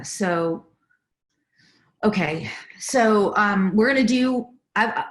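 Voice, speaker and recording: A woman spiritual teacher and healer giving a live online talk on a video call, earnest and effusive, with loose fillers and restarts. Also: on the low side.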